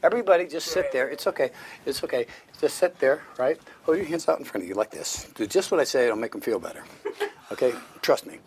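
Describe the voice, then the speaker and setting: A man's voice: medium pitch, expressive, quick pace. A man working as a stage hypnotist, giving commanding, repetitive, playful suggestions to volunteers at a live show. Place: live show before an audience. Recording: noisy live recording.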